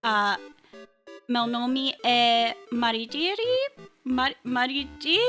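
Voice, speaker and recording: A woman's voice: high-pitched, sing-song, unhurried, pushed and bright, soft background music. A young woman streaming a playful, casual self-introduction at a desktop mic, giggling and chatting with her viewers. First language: English. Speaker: VTuber streamer.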